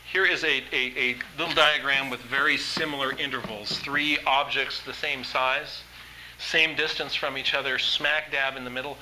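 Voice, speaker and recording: A man's voice: medium pitch, pushed and bright, a little hiss or hum, low-quality recording. A man teaching an art workshop, talking in an enthusiastic, conversational way with frequent fillers. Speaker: art instructor. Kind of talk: workshop lecture.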